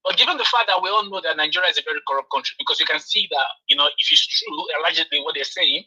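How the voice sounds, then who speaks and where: A man's voice: fairly high pitch, racing, pushed and bright, breathy edge. A man calling in to a talk show, speaking hesitantly with many fillers. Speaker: caller. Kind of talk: call-in radio comment. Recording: tinny lo-fi phone line.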